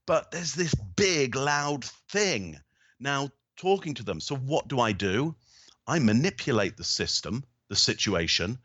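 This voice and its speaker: A man's voice: medium pitch, fairly bright tone, dry recording, dull audio. A middle-aged man answering interview questions as a body language expert, explaining thoughtfully and often restarting his phrases.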